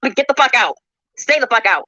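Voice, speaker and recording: A woman's voice: a little high, lively intonation, brisk, pushed and bright, no room sound. A woman livestreamer ranting with heavy profanity, upset and close to tears. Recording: dull lo-fi livestream audio.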